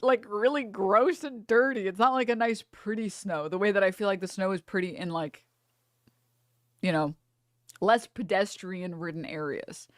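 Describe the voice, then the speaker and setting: A young American woman streamer telling a story in casual chat, animated and profane, often laughing through her words. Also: mid-range voice, normal speed, no echo, studio quality. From United States.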